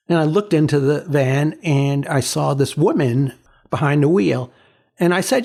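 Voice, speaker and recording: A man in his sixties, a photographer being interviewed, telling stories in a halting way with many repeats and fillers. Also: on the high side, gravelly, a little mellow. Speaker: photographer, guest. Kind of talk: reflective storytelling in an interview.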